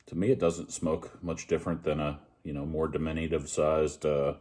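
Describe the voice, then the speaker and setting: A man's voice: rumbling low, normal speed. A man casually chatting as he reviews a pipe, rambling and joking at his own expense while he smokes. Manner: relaxed, rambling, joking at himself. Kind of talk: casual vlog chat.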